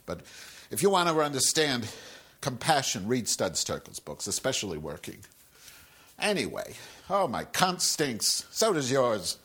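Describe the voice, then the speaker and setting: Husky-voiced man on a sweary rant. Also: medium pitch, very animated, normal speed, fairly bright tone. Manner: angry, sweary, sarcastic; rambling with frequent asides. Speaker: podcast host. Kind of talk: profane solo rant.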